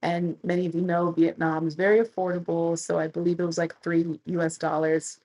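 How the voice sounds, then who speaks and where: A woman in her thirties, a travel creator telling stories casually and animatedly, with a husky voice. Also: on the low side, fairly quick, rough recording. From United States. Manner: animated, chatty storyteller who laughs and acts out quotes. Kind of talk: casual storytelling to camera.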